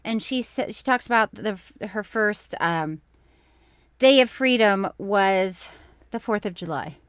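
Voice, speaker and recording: Woman, podcast co-host, casual chat, animated storytelling, loud laughter, medium pitch, dry close sound. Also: measured pace, clear, resonant tone, no echo.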